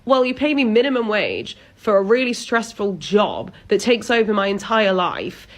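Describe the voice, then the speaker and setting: A young woman, talking dryly and sarcastically in an animated comedy sketch. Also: medium pitch, moderate pace. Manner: dry, sarcastic, deadpan.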